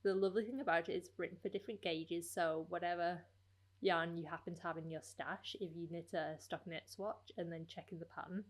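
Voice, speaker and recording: Knitting podcast host, female, slightly low voice, relaxed rambling chatter. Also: fairly quick. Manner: chatty, rambling with many fillers. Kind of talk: casual chat.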